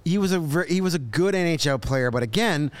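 A man co-hosting a sports podcast, talking in a measured way with frequent filler pauses. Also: a little high, expressive, dry recording. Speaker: podcast co-host. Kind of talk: casual sports chat.

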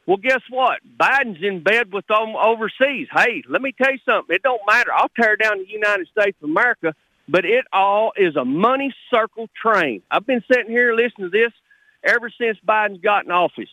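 A man's voice: high voice, lively intonation, a little fast, sharp tone, no echo, low-quality recording. Fired-up middle-aged man. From Texas. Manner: fired-up, blunt, rambling. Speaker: caller. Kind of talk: call-in radio talk.

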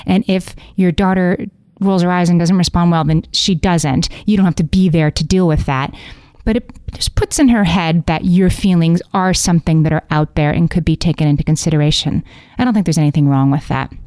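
A woman's voice: on the low side, moderate pace, a little mellow, clean tone, no echo, clean studio sound. A middle-aged woman hosting a parenting podcast, giving candid, conversational advice and acting out what the kids say.

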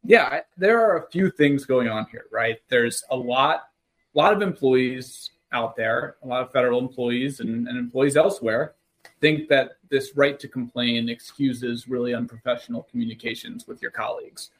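A man co-hosting a podcast, explaining legal points in a measured, conversational way. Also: medium pitch. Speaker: podcast co-host. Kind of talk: casual legal discussion.

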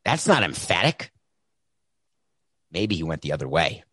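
A man's voice: low-pitched, sing-song, measured pace, sharp tone, slightly rough, dry recording, studio quality. Sarcastic male sports talk host. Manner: sarcastic, mocking. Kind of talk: sports commentary monologue. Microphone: desk mic with mute button.

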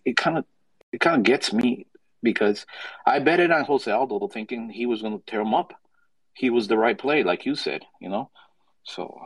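Stumbling male caller, low dry voice. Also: dry recording, low-quality recording. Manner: hesitant, stumbling, aggrieved. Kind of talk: casual chat.

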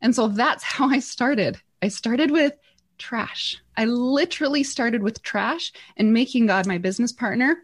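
A woman telling a motivational story, animated, acting out the voices in her quotes with big jumps in pitch. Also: moderate pace, few pauses. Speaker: guest speaker.

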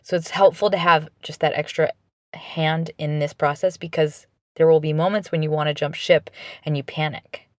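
A woman's voice: deep voice, steady tone, moderate pace, no echo. A woman speaking earnestly and encouragingly straight to the listener in an advice monologue, with frequent restarts and fillers.

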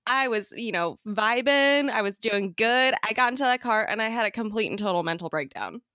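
A woman hosting a podcast, chatting in a relaxed, casual way, laughing often and swearing offhandedly. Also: on the high side, brisk, no room sound, studio quality. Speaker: podcast host. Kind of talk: casual chat.

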